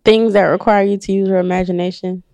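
A woman's voice: mid-range voice, steady tone, fast, warm tone, dry recording. A woman with a Southern country twang, co-hosting a casual podcast chat, blunt and profane. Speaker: podcast co-host.

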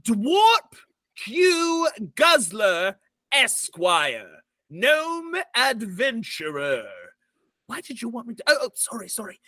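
A flustered goblin herald , as a man puts him on, shouts names in a high, bright voice, then stumbles over apologies. Tabletop game, dry close mic. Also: big pitch swings, slow, no room sound, full character voice.

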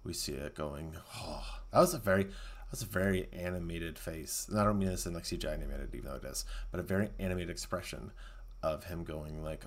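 Low, gravelly man riffing on a movie. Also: a little fast. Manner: excitable, sarcastic running reactions. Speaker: podcast host. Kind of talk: casual movie-watching commentary.

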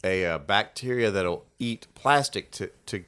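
Animated rambling man. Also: a little slow, clean tone. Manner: rambling, animated, slips into silly voices; lively pitch. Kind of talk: casual banter.

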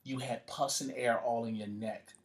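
A man recounts a story as a guest in an informal conversation, speaking at a moderate pace in a mid-range voice. He's animated and swears a lot, imitating the people he quotes.

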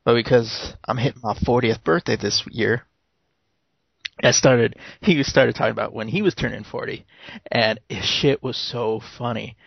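A man in his thirties hosting a podcast in casual chat, laughing and retelling jokes with lively voices, on a dull lo-fi podcast recording. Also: medium pitch, normal speed, vocal fry, slightly rough, no room sound. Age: 30s. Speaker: podcast host.

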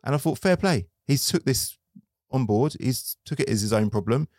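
A man's voice: medium pitch, normal speed, a little mellow, no echo, studio quality. A man, a car dealer guest telling stories in casual interview chat, acting out his own quotes. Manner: chatty storytelling, acts out his own quotes.

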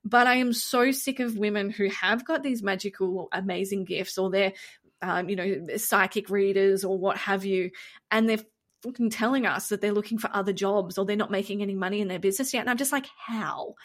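A woman's voice: medium pitch, steady tone, fairly quick. A woman co-hosting a podcast in casual chat, blunt and exasperated, swearing freely. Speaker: podcast co-host.

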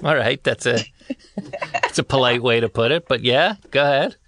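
This co-host on a deadpan comedy podcast, recorded in a Burbank, California studio, asks teasing, dry questions. His voice sits at medium pitch, a bit bright, at an ordinary pace. No room sound is audible.

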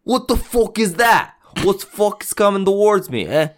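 A man voicing a startled rough-talking Boston local man in an exaggerated put-on Boston accent. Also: high voice, sing-song, moderate pace, voice pushed up. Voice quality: exaggerated, jokey, loud.

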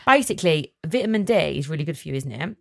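A woman's voice: low-pitched, expressive, fast, vocal fry. A young woman hosts a casual solo podcast, chatting and ranting for fun, then reassuring her listeners. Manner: warm and reassuring when answering listeners. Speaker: podcast host.

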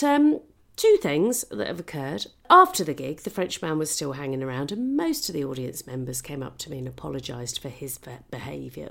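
A British woman comedian tells a comic story in a lively, swooping voice with a gravelly edge. She swears freely and often drops into whispered asides. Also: low voice. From Britain. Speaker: comedian and podcast host.

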